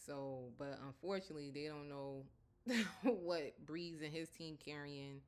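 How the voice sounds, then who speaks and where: A woman's voice: sits low, unhurried, clear, resonant tone. A woman casually recapping a TV episode, chatty and often breaking into laughter. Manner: chatty, laughs often, lots of 'like' and 'you know'. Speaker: TV episode reviewer.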